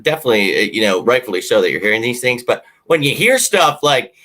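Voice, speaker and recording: A man hosting a casual sports talk show, animated and jokey. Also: medium pitch, quick pace. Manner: animated, jokey fan banter. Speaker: podcast host.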